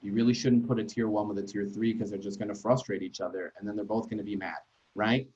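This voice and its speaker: A man training teachers in an online workshop, talking in a conversational, emphatic way and tagging sentences with quick questions to the group. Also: on the low side, steady tone, a little mellow, lo-fi sound. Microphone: video call.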